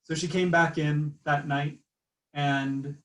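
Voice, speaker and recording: A man's voice: on the high side, fairly even intonation, slow. A man telling a story at an easy pace, using fillers like "uh" and "you know", and at times reading aloud from a book. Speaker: guest speaker. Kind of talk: storytelling lecture. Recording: roomy sound from a distant mic.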